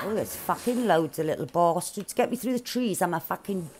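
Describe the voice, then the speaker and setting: A woman giving loud, excitable, swearing commentary over her gameplay, laughing often. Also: lowish voice, normal speed, noisy background. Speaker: gaming streamer.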